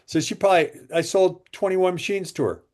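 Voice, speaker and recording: A man's voice: high-pitched, fairly quick. A man guest in a casual interview, telling sales stories and acting out what people said. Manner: animated storyteller acting out quotes. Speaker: interview guest, water machine seller.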